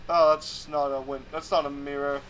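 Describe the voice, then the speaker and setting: A man's voice: a little high, flat delivery, normal speed, fairly bright tone, slight background noise. Sarcastic man streaming a game. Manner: sarcastic, playfully exasperated. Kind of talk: casual game commentary.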